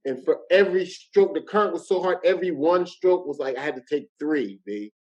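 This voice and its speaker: Animated storytelling man from New Jersey. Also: a little high, a little fast, dull audio. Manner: animated storyteller, street slang. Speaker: guest comedian. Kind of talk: casual storytelling chat.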